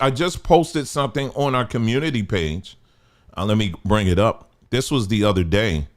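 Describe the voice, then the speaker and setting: A man hosting a livestream, talking emphatically, repeating his points and asking rhetorical questions. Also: high voice. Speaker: livestream host. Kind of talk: livestream commentary.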